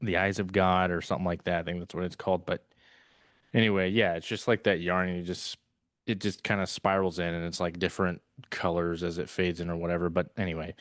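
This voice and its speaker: A man's voice: deep voice, little pitch movement, brisk, fairly bright tone, no echo, studio quality. A man co-hosting a podcast, chatting casually in a rambling, hesitant way with frequent laughs and filler words. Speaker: podcast co-host. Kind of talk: casual chat.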